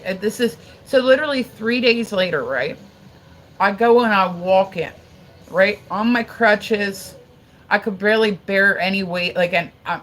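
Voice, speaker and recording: On a livestream, a woman in her forties rambles casually through a long story, swearing freely, saying "like" constantly, and pausing to thank viewers and chat with them between tales. Her mid-range voice has a fairly bright tone, and the rough recording carries slight background noise.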